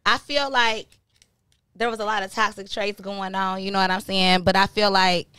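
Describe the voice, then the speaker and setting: This is a woman in her thirties on a podcast, talking in a blunt, salty and lively way. Her mid-pitched voice sounds close and dry, with no room around it. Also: normal speed, smooth, dry recording. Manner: blunt, profane, animated storytelling. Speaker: podcast co-host. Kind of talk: casual chat.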